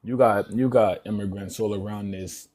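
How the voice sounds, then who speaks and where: A man making an earnest, slightly halting rebuttal in a live online debate. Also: on the low side, steady tone, a little mellow. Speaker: debate participant.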